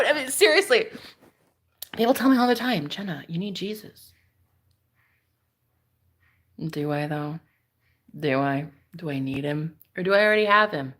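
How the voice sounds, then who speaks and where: A woman's voice: mid-range voice, sing-song, moderate pace, pauses often, a bit bright. A woman chatting casually on a live stream, sassy and laughing often as she talks back to her viewers. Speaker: spiritual streamer.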